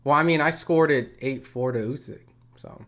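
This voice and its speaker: A man's voice: mid-range voice, normal speed. A man commenting on a boxing match in a livestream. He talks casually, swears, and argues with viewers' comments. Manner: conversational, profane, argumentative.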